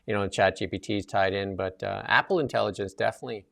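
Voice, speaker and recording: A man's voice: on the low side, fast talker, vocal fry, fairly bright tone. A man co-hosting a talk show, chatting casually in a rambling way with many fillers. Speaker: co-host.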